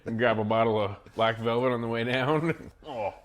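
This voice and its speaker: A man's voice: medium pitch, normal speed. A man joining a casual garage podcast, joking and swearing as he tells stories. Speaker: podcast co-guest. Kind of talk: casual chat.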